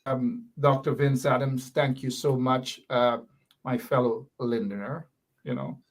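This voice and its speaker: A man's voice: medium pitch, little pitch movement, measured pace. A man hosting a talk show, talking casually and emotionally, rambling and half joking as he asks listeners to pray for him. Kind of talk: casual live-stream talk.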